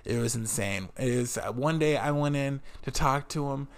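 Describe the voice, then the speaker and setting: A man's voice: mid-range voice, moderate pace. A man telling a story about his old job in a casual vlog, swearing and sounding exasperated as he tells it. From United States. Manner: profane, animated, exasperated. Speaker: vlogger.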